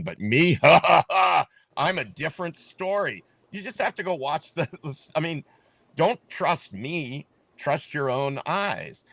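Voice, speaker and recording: A man's voice: mid-range voice, fairly bright tone, no echo. A man running for office, talking emphatically in a casual political chat and often repeating himself. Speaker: political candidate.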